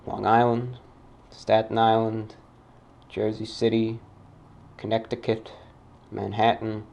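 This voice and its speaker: A man from the New York area with a British-New York blend accent, hosting a talk show and reading fan mail in a formal, measured, dry way. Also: lowish voice, completely flat delivery, gravelly, a little mellow.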